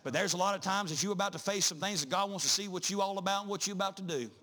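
A male preacher, delivering a sermon in a chanting style full of "uh" breaks, rising at times to shouts. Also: sits high, racing.

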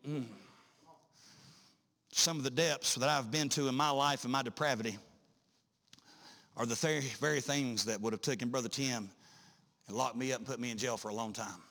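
Man, preacher, sermon, bright cutting tone, chanting delivery. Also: mid-range voice, fairly even intonation, normal speed, pauses often. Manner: chanting, rising to shouts, many "uh" breaks.

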